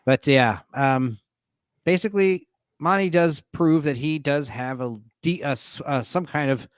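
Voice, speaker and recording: A man's voice: on the high side, unhurried, no room sound, studio quality. A man hosting a casual movie discussion stream, rambling and laughing often as he retells scenes. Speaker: stream host.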